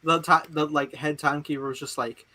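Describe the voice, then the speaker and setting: Bright-voiced excitable young man. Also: a little high, a little fast. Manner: excitable, laughs often, swears. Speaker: podcast host. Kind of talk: casual chat.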